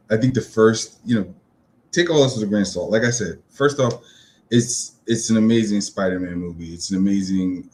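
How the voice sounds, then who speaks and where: A man talks through his thoughts in a relaxed, rambling way, leaning on plenty of ums and uhs. His voice sits on the low side. It sounds like an unscripted solo video chat. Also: a little hiss or hum. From New York City. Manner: loose and rambling, many fillers. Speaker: pop-culture vlogger. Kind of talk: casual solo video talk.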